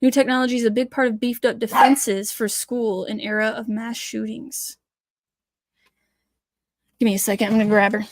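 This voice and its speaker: A woman's voice: a little high, little pitch movement, moderate pace, long pauses, no room sound. Ranting woman, dry close voice. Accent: Michigan. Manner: passionate, ranting, sarcastic asides. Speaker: news commentary host. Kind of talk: casual ranting commentary, reading articles aloud.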